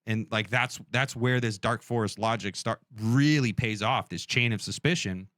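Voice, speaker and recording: A man's voice: on the low side, moderate pace, a bit bright, no echo, studio quality. A man co-hosting a podcast in loose, profane casual chat, filling his talk with "like" and "dude". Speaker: podcast co-host. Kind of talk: casual conversation.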